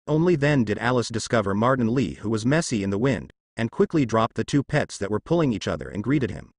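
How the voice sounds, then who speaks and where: A man narrating a novel aloud in a lively, rising-and-falling voice. The sound is dry and close, with no room around it. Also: mid-range voice, fairly quick, few pauses, no room sound. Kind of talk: scripted audiobook narration.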